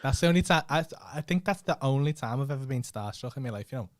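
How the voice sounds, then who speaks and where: A man's voice: mid-range voice, animated, quick pace, no echo, studio quality. A man with a Scouse accent, hosting a casual podcast chat and teasing his guest with plenty of swearing and laughter. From Liverpool. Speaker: podcast host.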